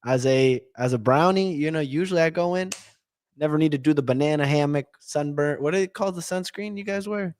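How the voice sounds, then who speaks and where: A man's voice: a little high, brisk, darkish tone, no room sound, clean studio sound. A man co-hosting a podcast, chatting in a laid-back, joking way. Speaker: co-host. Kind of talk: casual podcast chat.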